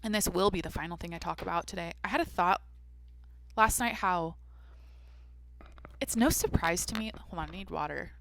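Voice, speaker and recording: A woman's voice: lowish voice, moderate pace, creaky, long pauses, fairly bright tone. A woman in her twenties hosting a solo podcast, rambling candidly and swearing casually into a microphone in a small home studio. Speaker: podcast host.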